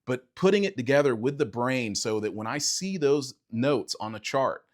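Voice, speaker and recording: A man's voice: mid-range voice, expressive, moderate pace. Man telling a reflective music story. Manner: conversational, with quoted dialogue and chuckles. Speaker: bassist and video creator.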